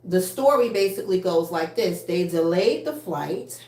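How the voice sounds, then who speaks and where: A woman's voice: lowish voice, animated, moderate pace, dark tone. A woman in her thirties hosting a casual livestream, chatting bluntly with lots of cursing and reading viewer comments. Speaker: livestream host. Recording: echoey room.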